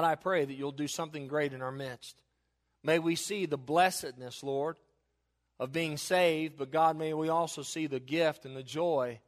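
Man, pastor, church sermon, high pitch, bright voice, emphatic scripture reading. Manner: slow emphatic reading, hushed prayer.

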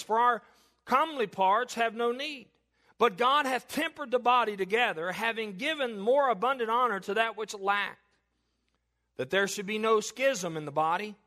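A male pastor giving a sermon in church, reading scripture slowly and emphatically, then praying in a hushed voice. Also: high-pitched.

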